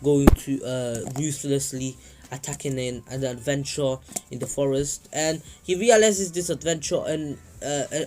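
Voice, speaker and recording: A man's voice: on the high side, moderate pace, darkish tone. A man improvising a fan-fiction story in a rambling, self-correcting way. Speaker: YouTube storyteller.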